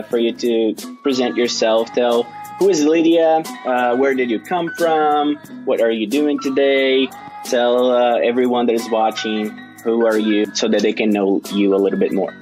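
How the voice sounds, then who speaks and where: A man with a Brazilian Portuguese accent hosts an interview, speaking English carefully with many pauses and restarts. His voice sits at a mid pitch for a man. Faint music runs underneath. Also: fairly even intonation, darkish tone. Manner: halting, many uhs and restarts. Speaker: podcast host. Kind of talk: interview hosting.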